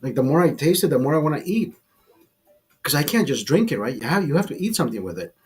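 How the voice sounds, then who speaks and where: A middle-aged man hosting a podcast, telling a profane, animated anecdote in casual chat and acting out the quotes. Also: a little high, fast talker, slightly rough. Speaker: podcast host telling a story.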